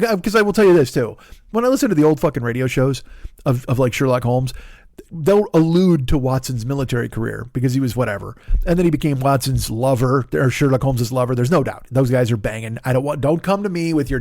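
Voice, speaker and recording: A man's voice: medium pitch, expressive, fast, darkish tone, dry recording, clean studio sound. A man in his forties hosting a solo comedy podcast, ranting in a rambling, profane way and often cutting himself off. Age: 40s. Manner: profane, rambling, self-interrupting.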